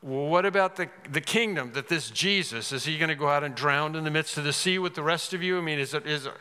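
Male preacher, slightly high, bright tone, emphatic sermon delivery, long hall echo. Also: fast, smooth. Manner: earnest, emphatic, with restarts and sudden rises.

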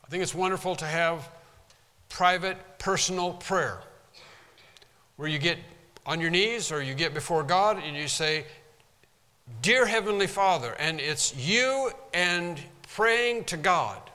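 A man's voice: fairly high pitch, a little slow, sharp tone, in a large hall. A man preaching a sermon as pastor from a pulpit, in an emphatic manner that stresses single words and sometimes pounds the pulpit. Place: church sanctuary.

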